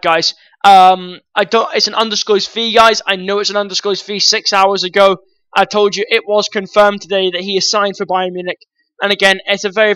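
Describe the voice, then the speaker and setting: A man's voice: sits high, sharp tone, dry recording, poor audio. A man vlogging casual football commentary, rambling and opinionated, talking straight to his viewers.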